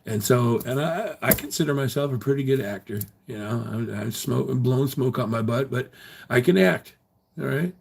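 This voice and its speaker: A man's voice: medium pitch, expressive, normal speed, gravelly, darkish tone, husky. A man telling a story casually on his livestream, rambling with many fillers and restarts.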